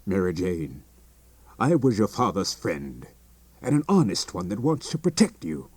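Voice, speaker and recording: An actor playing a stern, honest middle-aged country doctor who speaks bluntly and accusingly in a radio drama. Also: male voice, sits low, very animated, measured pace, a little mellow, husky, full character voice.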